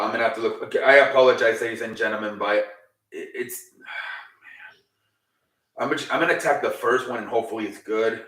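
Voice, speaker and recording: A man's voice: medium pitch, fairly quick, long pauses, fairly bright tone, echoey room, distant mic, low-quality recording. A man hosting a casual, improvised recap show. He rambles, swears and openly shows his frustration. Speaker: host.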